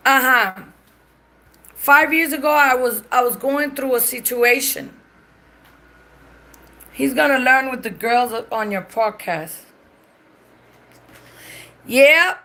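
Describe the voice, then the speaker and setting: A woman's voice: high-pitched, slow pace, long pauses, pushed and bright. A Puerto Rican woman chatting casually on a live stream. She swears freely and switches between English and Spanish mid-sentence. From Puerto Rico.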